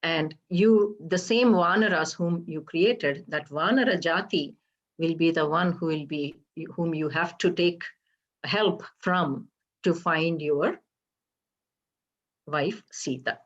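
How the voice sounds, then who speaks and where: A woman with a lowish voice retells an old Hindu legend in a halting, explanatory way, checking in with her listeners as she goes. The recording sounds slightly dull and lo-fi. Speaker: storyteller for a temple program.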